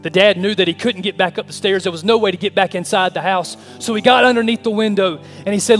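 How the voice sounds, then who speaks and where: A male pastor delivers a sermon in an impassioned, repetitive cadence. His voice sits a little high. Soft guitar plays underneath. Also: fast, few pauses. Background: soft guitar music.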